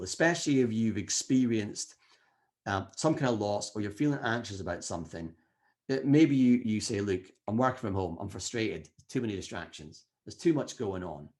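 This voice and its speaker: A middle-aged man giving an energetic motivational talk at a wellbeing summit, acting out quoted inner voices. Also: lowish voice.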